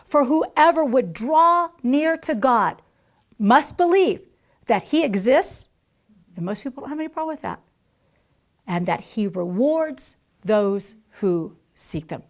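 A woman preaching a sermon, emphatic and repetitive, who slows down to stress scripture lines. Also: medium pitch, expressive. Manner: emphatic, repeats key phrases, acts out quoted voices. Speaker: mother. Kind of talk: conference sermon.

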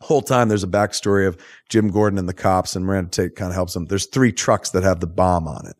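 A man hosting a podcast, recapping a film in a loose, profane, animated storytelling way. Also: deep voice, quick pace. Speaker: podcast host. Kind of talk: casual movie recap chat.

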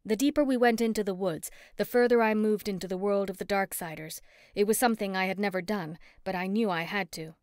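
A woman narrating a first-person story in an expressive, steady audiobook read on a close mic. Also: mid-range voice, brisk, smooth, dry recording.

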